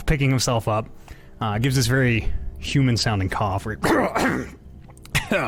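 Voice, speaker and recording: A man narrating a tabletop game as game master, hesitant and animated, with many pauses and restarts. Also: lowish voice, slight background noise.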